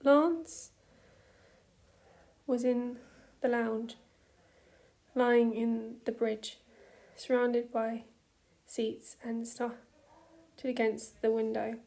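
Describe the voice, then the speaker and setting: Slow, soft-spoken woman reading a story aloud. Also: fairly high pitch, steady tone, gravelly. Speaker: fanfiction reader. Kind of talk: storybook narration.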